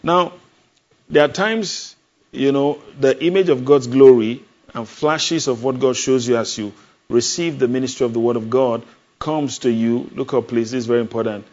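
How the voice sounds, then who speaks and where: Male pastor, mid-pitched, preaches with emphatic questions and repetition; lo-fi capture. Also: normal speed, a little mellow. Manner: emphatic, call-and-response questions, repeats phrases. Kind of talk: sermon. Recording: dull lo-fi sound.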